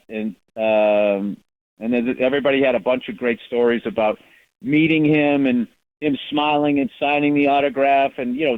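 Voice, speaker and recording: Wry Boston man on a phone line. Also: medium pitch. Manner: rambling, wry, blunt storytelling. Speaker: guest comedian. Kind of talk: casual radio interview chat. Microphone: phone call into radio show.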